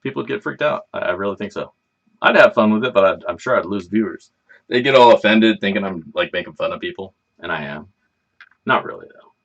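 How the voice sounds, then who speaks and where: A man's voice: lowish voice, animated, fairly quick, gravelly, a bit bright, muffled recording. A man hosting a casual livestream, chatting in a rambling, laid-back way and swearing freely. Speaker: livestream host.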